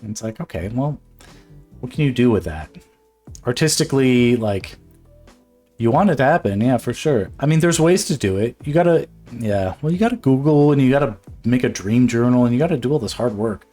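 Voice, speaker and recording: A man in a casual drawing stream talks in a loose, rambling way, full of swearing, laughs and false starts. His voice sits in an ordinary middle pitch. Faint music plays quietly under his talk. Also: expressive, brisk. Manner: rambling, profane, laughs often, many fillers and restarts. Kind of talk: casual chat while drawing.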